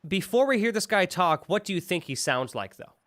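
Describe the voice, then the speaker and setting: Animated, bright-voiced male stream host. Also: high voice, brisk. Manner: animated, jokey, apologetic asides. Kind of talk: casual live-stream chat.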